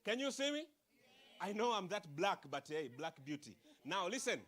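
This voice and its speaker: A man giving an energetic motivational speech to young people, calling out to the crowd and asking it questions. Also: high voice, normal speed. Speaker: motivational speaker. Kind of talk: live speech to a youth audience. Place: conference hall.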